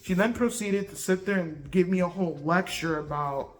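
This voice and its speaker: A young woman telling a casual, slangy story for her vlog in an animated, laid-back way. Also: fairly low pitch, normal speed. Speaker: vlogger.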